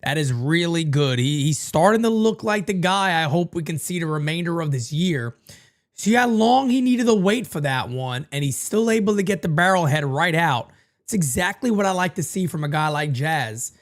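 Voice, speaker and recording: Host type: male streamer doing live play-by-play from a home desk mic, lively swings between hype and muttered asides. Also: moderate pace. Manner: animated, jumps between hype and low asides. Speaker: live baseball watch-party host. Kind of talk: live play-by-play commentary and sponsor read.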